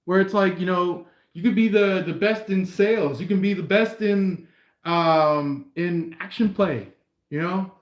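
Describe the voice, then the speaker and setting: A man's voice: high voice, measured pace, echoey room, dull audio. A man hosting a live tarot reading stream, talking in a meandering way, full of fillers and restarts. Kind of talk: rambling live-stream chat.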